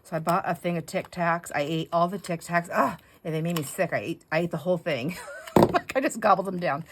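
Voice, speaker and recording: A woman's voice: on the low side, brisk, slight background noise. Rambling, chatty woman crafter. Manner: rambling, self-deprecating, laughs often. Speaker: crafting channel host. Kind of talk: casual chat while crafting.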